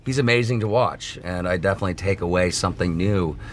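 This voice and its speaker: A low-voiced man in his thirties, chatting as an interview guest. He tells stories animatedly, laughing and restarting his sentences often. A faint hum of noise sits behind him. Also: fast. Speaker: actor guest. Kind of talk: casual interview storytelling. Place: back room of a bowling alley.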